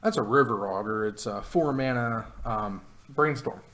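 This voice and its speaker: A man's voice: medium pitch, moderate pace, fairly bright tone. A man giving casual live commentary on a card game stream, chatty and rambling with many fillers and jokey asides. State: has the hiccups.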